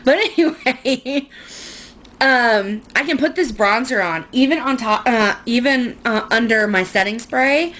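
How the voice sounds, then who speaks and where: A woman's voice: a little high, unhurried, a bit bright. A young woman chatting casually through a makeup tutorial at home, rambling and self-mocking. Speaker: beauty vlogger.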